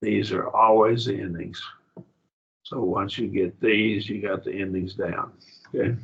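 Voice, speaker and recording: A man teaching a Greek grammar class, explaining words slowly and checking in with his students. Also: fairly low pitch, fairly even intonation, gravelly, fairly bright tone. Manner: slow, explanatory, repeats words and checks with "okay?" and "see?". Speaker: Bible college Greek teacher. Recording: dull lo-fi classroom recording.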